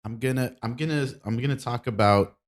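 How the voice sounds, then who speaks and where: A man's voice: medium pitch, a little fast. A man hosting a casual podcast, upbeat and repeating himself.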